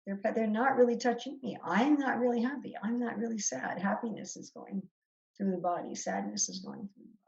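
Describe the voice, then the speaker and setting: A woman's voice: on the high side, lively intonation, fairly quick, creaky, darkish tone. Woman, spiritual teacher leading a discussion; reflective, restarts phrases; slightly muffled video call sound. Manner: thoughtful, repeats and restarts phrases.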